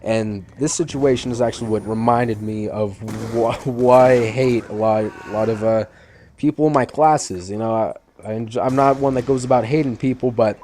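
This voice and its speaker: A man's voice: mid-range voice, a little mellow, slight background noise. A teenage boy giving casual gameplay commentary, rambling through fillers and restarts with an irritated edge. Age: teens. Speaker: channel host.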